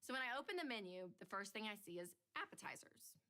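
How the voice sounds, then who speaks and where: Bright, animated woman telling a story. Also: medium pitch, fast talker. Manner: animated, playful, laughs often. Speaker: speaker on personal finance. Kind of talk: storytelling talk to an audience.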